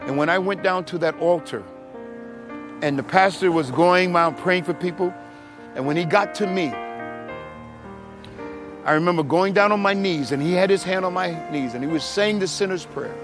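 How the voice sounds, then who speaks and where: High-voiced man telling a church testimony. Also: moderate pace, long pauses, over music. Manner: animated storytelling, acting out voices with big swings in pitch and loudness. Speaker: testimony speaker.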